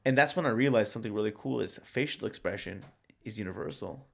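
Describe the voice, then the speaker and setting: A man chatting as a podcast guest, telling travel stories in an animated, joking way. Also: on the low side, quick pace, vocal fry. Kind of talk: casual chat.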